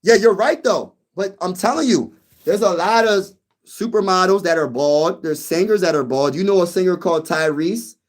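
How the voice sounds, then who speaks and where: Young man, sports talk host, fairly high voice, slangy, animated, repeats himself. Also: normal speed. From Pennsylvania. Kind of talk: casual live-stream chat.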